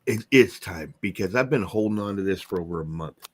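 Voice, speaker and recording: A man's voice: sits low, brisk, a little hiss or hum. A middle-aged man co-hosting a podcast in casual chat, telling stories and acting out the people in them. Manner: storytelling, animated voices for quoted people. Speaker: podcast co-host.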